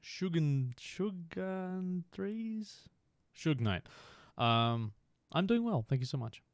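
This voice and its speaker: A man streaming a motorbike game live, chatting excitedly to his viewers while he plays. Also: medium pitch, a little slow, dry recording, clean studio sound. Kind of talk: live-streamed gameplay chat.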